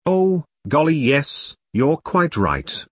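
A man's voice: on the high side, sing-song, takes it slowly, breathy edge, no room sound, studio quality, heavily acted. A man voicing a gushing upper-class holidaymaker with an affected posh drawl in a storybook reading.

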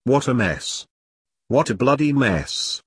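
A raging, pompous leader of a secret order, put on by a man reading a story, barking insults in a husky voice whose pitch swings wildly. The storybook voice sounds close and dry. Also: expressive, takes it slowly, no room sound, exaggerated voice.

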